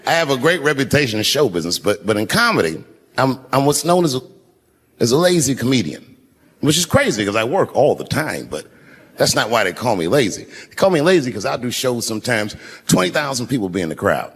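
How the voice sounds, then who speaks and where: A stand-up comedian in his fifties, with a medium-pitched voice and fairly quick delivery, performs for a live audience in a large venue. He tells stories conversationally and animatedly, jumping suddenly into other voices, with live hall reverb and faint room noise.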